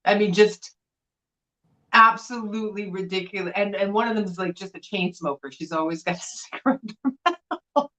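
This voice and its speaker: A middle-aged woman chatting casually as co-host of a live vintage sale from a room at home, telling stories in an animated way. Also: medium pitch, moderate pace, rough recording. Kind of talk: casual chat. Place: home room with window blinds.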